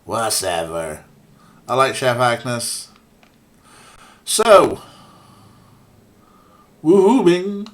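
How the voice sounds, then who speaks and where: A man's voice: mid-range voice, wildly swooping pitch, very slow, pauses often. A man casually playing a point-and-click game, reading its text aloud with wry, self-mocking remarks. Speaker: let's play streamer.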